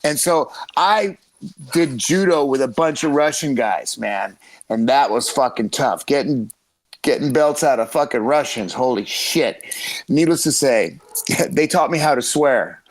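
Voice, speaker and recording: A middle-aged man, a jiu-jitsu coach, telling stories on a podcast in a profane, animated way with frequent laughter. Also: medium pitch, a little slow, low-quality recording. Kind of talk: casual podcast storytelling.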